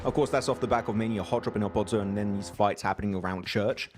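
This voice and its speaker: Chatty English esports caster. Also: male voice, lowish voice, fast, a little mellow, soft background music. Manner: chatty, laughs easily. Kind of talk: live esports commentary.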